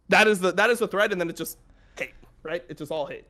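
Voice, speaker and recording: High-voiced profane young man ranting. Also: expressive, quick pace, bright, forceful tone. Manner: blunt, profane, exasperated ranting. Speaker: podcast host. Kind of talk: casual podcast chat.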